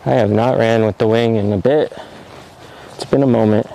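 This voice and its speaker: A man's voice: fairly low pitch, moderate pace, creaky, a little hiss or hum, low-quality recording. A man streaming live from an open field, talking to himself, out of breath from running with a wing. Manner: breathless, excited self-talk while running a wing. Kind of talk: casual outdoor live-stream commentary. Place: open hilly field outdoors. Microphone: portable streaming rig.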